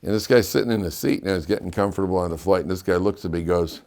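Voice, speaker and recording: A middle-aged rabbi giving a lively classroom lecture, telling stories and quizzing his students. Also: rapid-fire, creaky. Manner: animated storyteller, swings between loud emphatic peaks and low asides, quizzes students.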